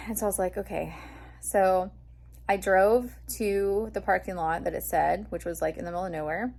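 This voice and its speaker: Young woman, vlogger, chatty storytelling, lots of fillers, excited. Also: mid-range voice, moderate pace, creaky. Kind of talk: casual storytelling vlog.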